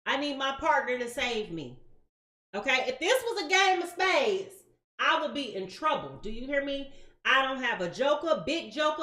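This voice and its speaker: A woman's voice: sits high, sharp tone, reverberant. A woman giving a casual live-stream tarot reading, chatty and slangy, talking straight to her viewers. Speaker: tarot reader.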